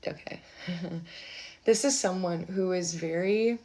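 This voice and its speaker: Woman, lower voice, casual tarot reader, rambling and chatty with mumbled asides. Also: slow. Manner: chatty, rambling, with offhand asides and soft muttering. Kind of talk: casual live tarot reading.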